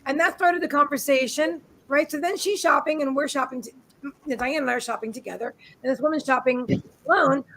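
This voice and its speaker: A woman's voice: high-pitched, brisk, a bit bright, slight background noise, low-quality recording. A woman co-hosting a live stream from her home, telling a rambling story with lots of asides and restarts. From United States. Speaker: co-host of a live psychic reading show. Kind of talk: casual live-stream chat. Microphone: webcam on a live video stream.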